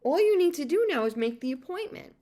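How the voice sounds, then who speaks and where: A woman's voice: high voice, very animated, fairly quick, dark tone. A middle-aged woman caregiver telling a personal story in an emotional monologue, venting with heated outbursts and frequent swearing. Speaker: podcast host and caregiver.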